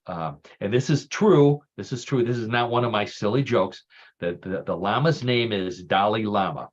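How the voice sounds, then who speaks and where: A man's voice: lowish voice, moderate pace, dull audio. A man hosting a casual radio talk show, telling stories with groan-worthy puns.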